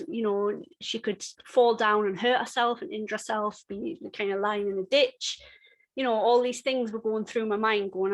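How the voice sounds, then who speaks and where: A middle-aged woman giving a dog-training webinar in a chatty, conversational way, with frequent restarts and lively bursts when acting out games. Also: medium pitch, moderate pace, low-quality recording. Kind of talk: webinar teaching.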